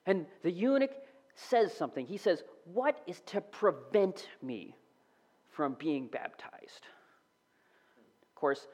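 A man giving a casual, animated sermon, sometimes dropping to a whisper. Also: on the high side. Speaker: preacher. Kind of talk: conversational sermon.

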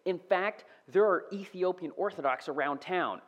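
A man giving a casual, animated sermon, sometimes dropping to a whisper. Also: sits high, normal speed, dull audio. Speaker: preacher. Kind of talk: conversational sermon.

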